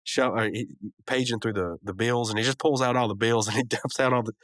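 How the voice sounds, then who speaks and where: A man's voice: medium pitch, steady tone, brisk, fairly bright tone, no echo. A man hosting a podcast, casually recapping a cartoon episode with rambling asides and chuckles. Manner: rambling, chuckling, lots of fillers. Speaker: podcast host.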